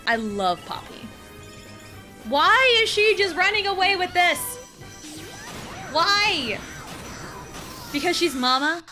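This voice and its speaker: Giggly high-voiced woman streamer. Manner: chatty, giggly, gushing about game characters. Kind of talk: casual gaming livestream chat. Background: game music.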